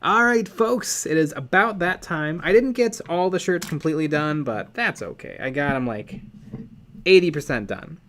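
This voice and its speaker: Lively, animated male streamer. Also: on the high side, normal speed. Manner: chatty and playful, with frequent fillers. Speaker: livestream co-host. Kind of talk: casual chat reading viewer comments.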